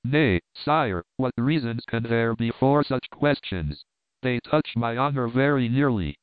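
A man's voice: medium pitch, expressive, unhurried, smooth, dry recording, close to an everyday voice. A man reading the part of a frightened, treacherous knight, pleading and defensive. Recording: tinny narrow-band dry recording.

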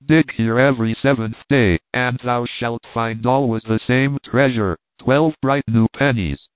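A man's voice: medium pitch, measured pace, no room sound, lightly acted. A man voicing a tiny magical male dwarf who speaks in archaic, formal words, in a tinny, phone-like, dry recording. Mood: solemn.

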